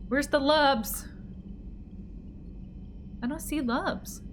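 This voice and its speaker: A woman's voice: high-pitched, extremely slow, pauses often, slight background noise. A woman streamer chatting casually with her live chat, giggly and playful as she reads messages aloud.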